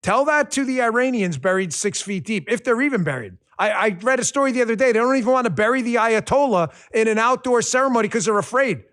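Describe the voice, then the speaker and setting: A middle-aged man hosting a political podcast, combative and mocking, who swings from shouted insults to quiet muttered asides. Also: very high voice, lively intonation, fast, few pauses. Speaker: podcast host. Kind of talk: political commentary.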